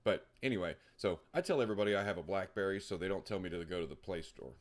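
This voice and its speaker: A man hosting a comedy show who tells his stories in a deadpan, sarcastic way. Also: low voice, quick pace. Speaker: comedy host. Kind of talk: comedic storytelling.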